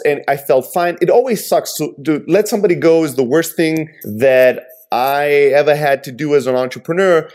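A man's voice: mid-range voice, a little mellow. A man in his thirties hosting a conversation, an entrepreneur speaking earnestly and reflectively about hard times. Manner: earnest, reflective, candid with mild swearing. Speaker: podcast host, entrepreneur. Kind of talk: casual conversation.

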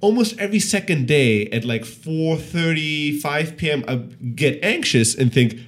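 A man in his thirties co-hosting a business podcast, telling stories in a casual, animated way. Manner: animated storyteller, lively pitch, quick restarts. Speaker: podcast co-host.

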